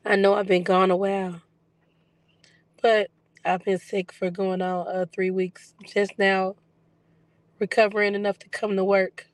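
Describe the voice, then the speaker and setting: A psychic medium vlogger records a casual video journal, her voice still recovering after weeks of being lost. She tells stories in a relaxed, chatty manner full of fillers, at a medium pitch and unhurried pace with long pauses. There's no room sound.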